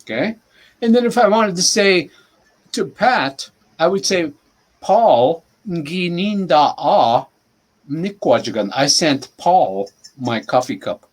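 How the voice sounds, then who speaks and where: Slow, husky older man teaching words. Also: a little high, expressive. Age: 60s. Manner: patient, repeats each word slowly. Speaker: language teacher. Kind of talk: teaching words in a podcast chat.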